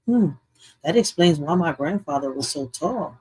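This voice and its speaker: A loose, rambling reaction-video host from Puerto Rico who repeats phrases and keeps jumping between loud outbursts and quiet asides. The voice sits in a middle register. It is recorded close and dry, with no room sound. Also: mid-range voice, expressive, moderate pace, breathy edge, dry recording, poor audio. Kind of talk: casual commentary.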